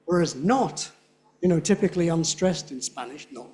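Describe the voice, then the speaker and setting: A man giving a lively conference lecture, often checking in with his audience. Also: on the high side, moderate pace. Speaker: linguistics lecturer.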